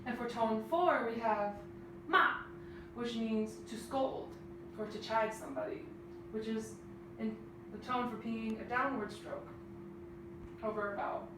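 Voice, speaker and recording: A woman teaching a language lesson, explaining slowly and carefully and demonstrating sounds. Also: fairly high pitch, steady tone. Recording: echoey room, far from mic, noisy.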